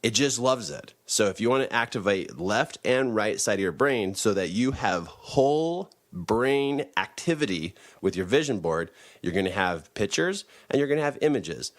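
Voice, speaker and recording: A man's voice: on the low side, lively intonation, moderate pace. A man giving a motivational teaching talk, emphatic and repeating his key phrases.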